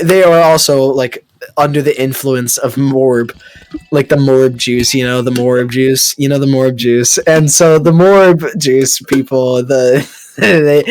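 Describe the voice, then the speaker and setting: A man's voice: medium pitch, a little slow, a little hiss or hum. A young man improvising a crude tall tale late at night in a rambling way, full of fillers and restarts, on a computer mic during a game recording. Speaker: friend telling a story.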